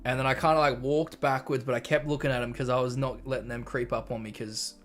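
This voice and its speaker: A man's voice: medium pitch, little pitch movement, fast, fairly bright tone, soft background music. A young Australian man chatting casually on a live stream, reading out chat messages and rambling through stories.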